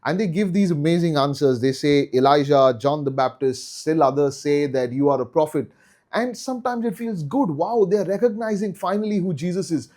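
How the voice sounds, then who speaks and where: A man's voice: fairly high pitch, expressive, moderate pace, a little mellow. A man teaching a Bible study in an earnest way, repeating key phrases for emphasis.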